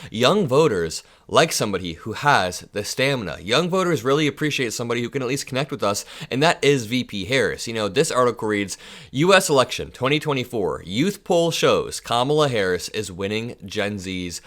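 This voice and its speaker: Young man in his twenties, commentator, mid-range voice, fast, sarcastic and opinionated. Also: medium pitch, big pitch swings, a bit bright. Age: 20s. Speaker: political commentator. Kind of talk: casual political commentary.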